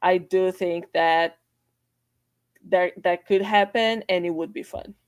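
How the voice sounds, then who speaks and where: A woman's voice: on the low side, fairly even intonation, slow, clear, resonant tone, dry recording. A woman co-hosting a casual sports podcast, speaking in a hesitant, thoughtful way with many fillers. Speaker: podcast co-host.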